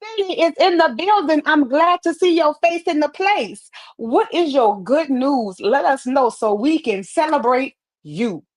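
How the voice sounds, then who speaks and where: A woman's voice: sits high, expressive, a little slow. A woman on a live stream answering viewer comments with upbeat encouragement, often repeating phrases for emphasis, speaking into a wireless earpiece. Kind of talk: motivational live-stream chat.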